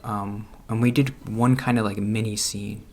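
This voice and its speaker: Low, gravelly young man rambling nervously. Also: steady tone, moderate pace, a little mellow. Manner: rambling, self-conscious, laughs nervously. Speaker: gaming vlogger. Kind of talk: casual chat over gameplay. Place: room at home.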